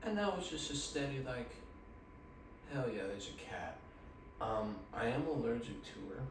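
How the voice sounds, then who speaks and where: A man vlogging casually about life at home, rambling with crude deadpan jokes. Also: medium pitch, normal speed. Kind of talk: casual vlog chat. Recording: distant echoey room with noise.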